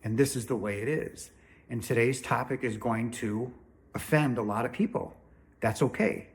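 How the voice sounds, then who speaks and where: A man's voice: mid-range voice, moderate pace. A man hosting his own spiritual channel, talking straight to the viewer in a blunt, earnest, no-nonsense way. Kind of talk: direct-to-camera spiritual talk. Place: home, indoors.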